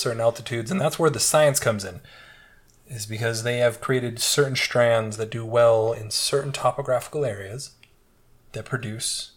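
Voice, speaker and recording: A man in an easygoing podcast chat walks his friends through a topic step by step. He talks in a steady, explanatory way and keeps the tone loose. His voice sits at a middling pitch. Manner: explanatory, lecturing at length with easy laughs. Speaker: podcast co-host explaining wine. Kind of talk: casual chat.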